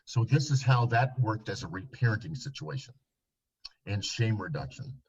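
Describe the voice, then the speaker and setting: A man, a licensed counselor, earnestly recounting a therapy session in a podcast interview, often dropping to a soft, low voice. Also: animated, normal speed, dull audio, a little hiss or hum.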